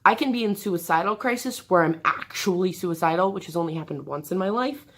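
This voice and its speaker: A woman vlogger talking candidly to the camera from her bed, in a halting, hesitant way with many restarts. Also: on the low side, lively intonation, a bit bright. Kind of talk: candid personal talk to camera. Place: bedroom, sitting on an air mattress.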